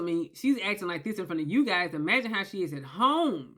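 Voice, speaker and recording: A woman giving a casual explainer, emphatic and animated, often checking in with "okay?" and acting out quoted voices. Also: medium pitch, fast, few pauses. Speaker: commentator on narcissistic abuse. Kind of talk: casual talking-head explainer.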